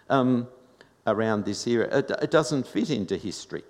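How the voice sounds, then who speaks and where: A man's voice: mid-range voice, lively intonation, moderate pace, darkish tone. A man preaching a sermon, earnestly asking his congregation questions. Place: church hall. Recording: echoey hall.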